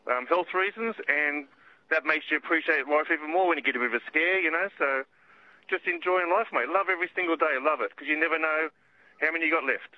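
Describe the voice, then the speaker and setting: A man's voice: on the high side, quick pace. Cheery older Australian man on a phone line. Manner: chatty, upbeat, says mate a lot. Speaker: caller. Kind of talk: casual phone-in chat. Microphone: public phone box.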